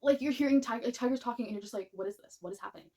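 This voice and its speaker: A woman reviewing a book series in a gushing, animated way, rambling with many restarts. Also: fairly high pitch, racing. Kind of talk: casual spoken book review.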